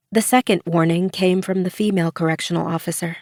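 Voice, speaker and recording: A woman narrating an audiobook in a measured way, giving the characters soft voices. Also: lowish voice, steady tone, dry recording, studio quality.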